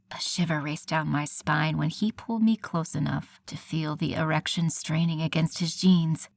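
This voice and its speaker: Female romance audiobook narrator, low gravelly voice, soft and breathy, close dry studio mic. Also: fairly even intonation, normal speed, hardly any pauses, no echo. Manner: soft, breathy, intimate delivery. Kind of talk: first-person romance narration.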